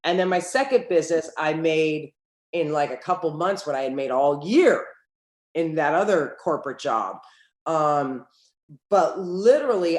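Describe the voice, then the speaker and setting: A middle-aged woman with a fairly low voice, recounting her business life as an interview guest. She tells stories with energy and acts out the back-and-forth in them, and her voice rings in a roomy, echoey space. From United States. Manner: lively storyteller who acts out quoted dialogue. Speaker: entrepreneur guest. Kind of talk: conversational interview. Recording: roomy echo.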